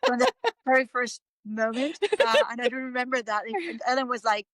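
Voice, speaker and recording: A woman's voice: fairly high pitch, lively intonation, moderate pace, few pauses, no room sound. A middle-aged Spanish woman speaking English with a Spanish accent, a podcast guest telling stories casually with many fillers and restarts. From Spain. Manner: warm storytelling with frequent fillers and restarts. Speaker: guest, English academy owner. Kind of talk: casual chat.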